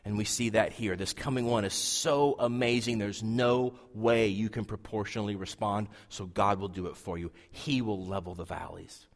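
A man preaching a sermon to a congregation, swinging from loud emphasis down to hushed, near-whispered lines. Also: on the low side, steady tone, normal speed, few pauses. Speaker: pastor. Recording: long hall reverb.

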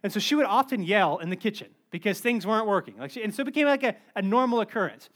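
A man in his thirties preaching a sermon, telling funny stories in an animated, joking way. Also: sits high, fast talker. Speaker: pastor.

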